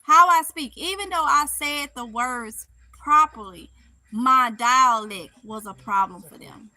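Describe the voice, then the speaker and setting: A woman with a Mississippi Southern accent chatting casually on a live stream, reading viewer comments aloud, animated and laughing often. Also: high-pitched, unhurried, no room sound. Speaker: vlogger reading live chat.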